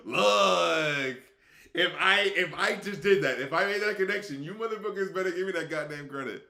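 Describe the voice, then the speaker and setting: A man's voice: high voice, moderate pace, creaky, bright, forceful tone. A man who reviews rap music, chatting casually and profanely on a live stream, laughing often. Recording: echoey room.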